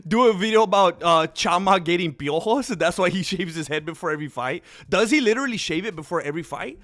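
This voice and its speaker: A man hosting a casual livestream, chatting in a rambling, excitable way and calling viewers dude and bro. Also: high-pitched, fast. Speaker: streamer host.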